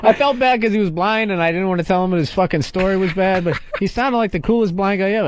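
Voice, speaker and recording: A man in his thirties hosting a comedic radio call-in show, joking and profane and quick to laugh. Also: high-pitched, slight background noise.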